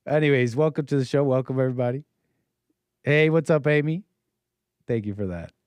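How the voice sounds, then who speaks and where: A man's voice: medium pitch, normal speed, pauses often, a little mellow, clean tone, dry recording. A man hosting a call-in talk show, rambling and joking with lots of fillers and restarts.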